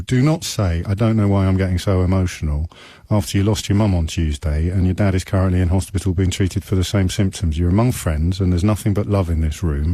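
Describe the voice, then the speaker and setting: A man hosting a radio phone-in, speaking gently and reassuringly to a caller, repeating himself for emphasis. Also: sits low, dry recording. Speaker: radio host. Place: radio studio.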